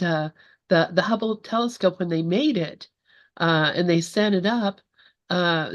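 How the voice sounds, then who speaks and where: Woman, low-ish voice, dry dull video-call sound, rambling group leader. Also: dry recording. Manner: rambling, many restarts and fillers. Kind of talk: casual spiritual discussion.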